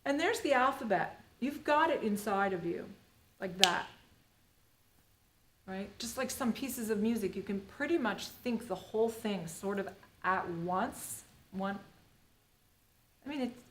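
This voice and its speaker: A woman's voice: medium pitch, animated, measured pace, pauses often. A middle-aged woman teaching the Alexander Technique in a live workshop, talking in a rambling, playful way full of fillers. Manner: rambling, playful and chatty, full of "you know" and "like". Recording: roomy echo with faint ambient noise.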